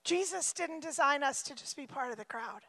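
A woman's voice: high-pitched, animated, moderate pace, bright, forceful tone, big-room sound. A woman pastor preaching a sermon, emphatic and repeating her phrases for effect, often slipping into acted-out quotes and asides.

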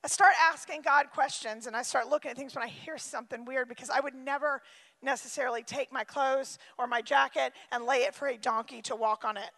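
A woman's voice: high-pitched, steady tone, fairly quick, fairly bright tone, in a large hall. A woman pastor preaching a sermon, emphatic and repeating her phrases for effect, often slipping into acted-out quotes and asides.

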